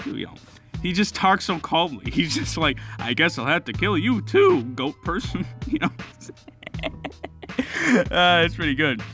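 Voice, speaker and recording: Over faint background music, a young anime reviewer gives rambling, profane reaction commentary on a show. His voice sits on the high side, pushed and bright, and he swears heavily and laughs often.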